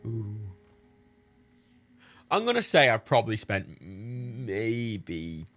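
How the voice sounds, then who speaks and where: A man's voice: on the low side, sing-song, drawn-out words, fairly bright tone, soft background music. A British man chatting on a live game stream, swearing and laughing in disbelief. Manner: sweary, exasperated, laughs often.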